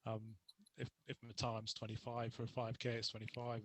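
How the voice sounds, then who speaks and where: A man's voice: medium pitch, completely flat delivery, fairly quick, fairly bright tone, no echo, rough recording. Young man, podcast guest, chatty, casual anecdotes, laughs a lot, mid-range voice, dry close sound. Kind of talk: casual interview chat.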